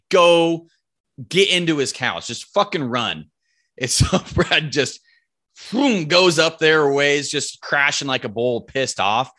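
A man guesting on a podcast, telling a hunting story in a casual, animated way, acting out what people said and swearing freely. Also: mid-range voice. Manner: animated, acts out quoted lines, swears casually. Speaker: podcast guest, bow hunter.

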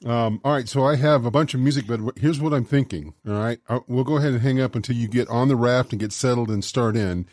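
A man's voice: mid-range voice, fast talker, hardly any pauses, no echo. A radio host in his studio talks in a loose, rambling way and laughs easily. His voice sits in a middle range. The sound is close and dry, with no room. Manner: relaxed, rambling, laughs often. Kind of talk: casual on-air chat with a remote co-host. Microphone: studio mic with headset.

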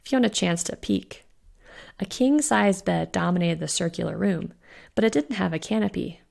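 A woman, the author, reading her own spooky short story aloud with steady narration. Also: lowish voice, normal speed, creaky. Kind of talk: scripted narration.

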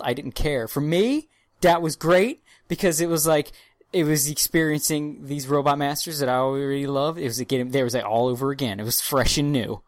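A man's voice: mid-range voice, dry recording. Man, podcast co-host, casual and foul-mouthed, prone to theatrical outbursts, dry close sound. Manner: profane, excitable, mock-dramatic outbursts. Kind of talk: casual chat.

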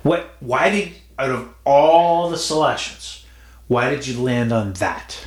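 A man from the Toronto area hosts a casual sports betting podcast, playful and teasing and often repeating himself. His mid-range voice is slow and sounds reverberant.

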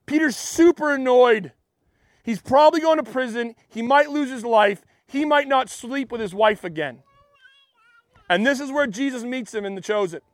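A man pastor preaching in an animated, conversational way, often restarting his sentences. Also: very high voice, normal speed, no echo, clean studio sound. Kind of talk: sermon.

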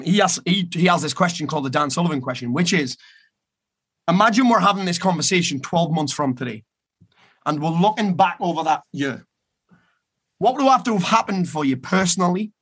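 Husky, blunt, profane man speaking high. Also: a bit bright. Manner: repeats key phrases for emphasis. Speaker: motivational speaker. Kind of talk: motivational talk to an online summit.

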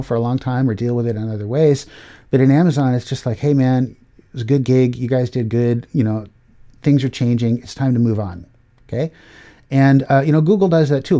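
Casting note: middle-aged male podcast host, mid-pitched voice, loose and rambling delivery with lots of fillers. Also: warm tone. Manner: rambling, many fillers and restarts, acts out quoted voices. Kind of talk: casual tech commentary.

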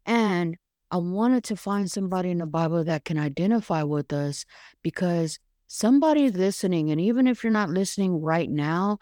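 Here a woman's dark-toned, fairly low voice stays animated at a normal pace as she hosts a podcast. Her devotional monologue is frank and chatty, peppered with fillers and casual swearing, in a dry, studio-quality recording.

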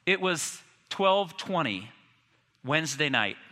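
A man's voice: fairly high pitch, sing-song, takes it slowly, in a large hall, noisy background. A man in his fifties preaching a sermon, telling stories with self-deprecating humor. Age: 50s. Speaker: pastor.

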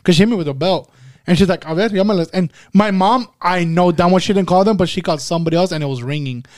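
A young man in casual podcast chat tells his stories with a high voice at a rapid clip. He laughs as he talks and drops Spanish phrases into his English.

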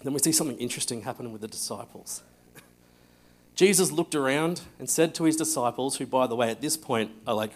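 A man preaching a sermon, telling a Bible story with energy, acting out the voices and often dropping to a hushed tone. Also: medium pitch, brisk. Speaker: pastor.

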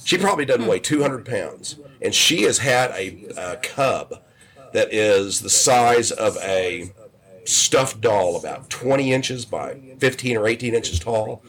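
A man's voice: on the low side, lively intonation, measured pace, fairly bright tone. Rambling storyteller man in his fifties. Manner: rambling, with frequent restarts. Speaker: podcast guest. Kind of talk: casual storytelling.

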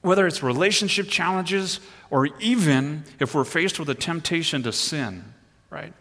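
Middle-aged pastor, bright, in a reverberant hall. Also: male voice, on the high side, normal speed. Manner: animated storytelling, rising and pushing hard at the exciting parts. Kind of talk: sermon with personal story.

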